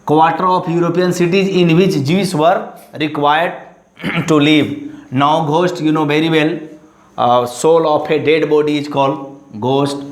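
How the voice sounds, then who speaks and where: Echoey, halting male English teacher. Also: on the high side, fairly even intonation. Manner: repetitive, halting, many fillers. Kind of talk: classroom lesson explanation.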